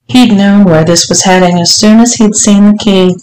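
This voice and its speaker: A woman's voice: mid-range voice, fairly even intonation, normal speed, hardly any pauses, darkish tone, a little hiss or hum. Woman storyteller in a roomy echo. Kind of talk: scripted story narration.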